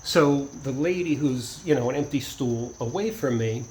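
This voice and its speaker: A man's voice: mid-range voice, moderate pace, a little mellow, a little hiss or hum, poor audio. A man telling a personal story in a casual vlog, rambling with many restarts and asides. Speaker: vlogger.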